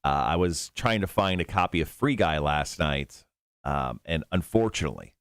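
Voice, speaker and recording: A man's voice: very deep voice, smooth, dry recording, clean studio sound. A man co-hosting a radio show, chatting casually and laughing easily. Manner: animated, quick to laugh.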